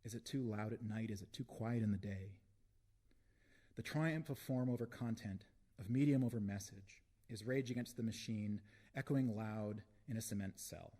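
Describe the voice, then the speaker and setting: A man reading his own poems aloud at a live book launch, with deliberate phrasing and long pauses between lines. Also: fairly low pitch, dark tone. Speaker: poet reading his work.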